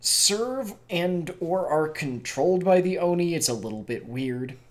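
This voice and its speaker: A man's voice: fairly high pitch, animated, measured pace. A man co-hosting a casual podcast, explaining fantasy game lore and correcting pronunciation with authority. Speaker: podcast co-host. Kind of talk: casual chat about tabletop game world-building.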